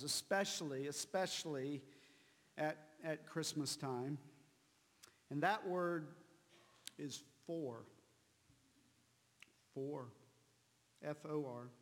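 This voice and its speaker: A man preaching a sermon, slow and deliberate, repeating key words for emphasis. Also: fairly high pitch, long reverb tail. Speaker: pastor.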